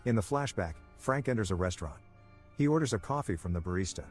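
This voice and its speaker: A man's voice: on the low side, expressive, fast talker, a little mellow, faint music behind. A man narrating a scripted movie recap, with dry, wry asides.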